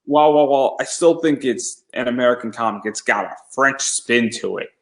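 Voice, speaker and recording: A man's voice: mid-range voice, a little fast, creaky, low-quality recording. A man hosting a casual interview, talking in a rambling, hesitant way with many restarts. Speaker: podcast host.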